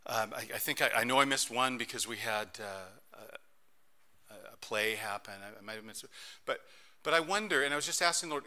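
A middle-aged man preaching a sermon as pastor, telling stories in an animated way that swings between soft and loud. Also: mid-range voice, fairly quick.

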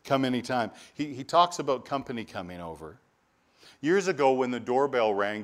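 A male pastor preaching a sermon, earnest and conversational, often restarting and repeating words, lively when telling stories. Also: medium pitch, fairly quick. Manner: earnest preaching with repetitions and restarts, animated storytelling asides.

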